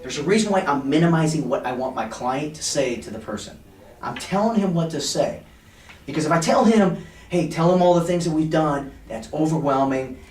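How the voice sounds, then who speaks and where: A man giving a sales training talk who acts out phone calls with clients in an animated way. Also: fairly high pitch, a little fast. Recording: roomy, from a distance, faint ambience.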